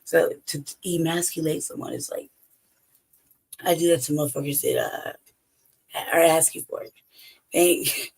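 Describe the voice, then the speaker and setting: A woman in casual chat, animated, laughing often and swearing freely. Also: deep voice, normal speed, vocal fry, pauses often, breathy edge.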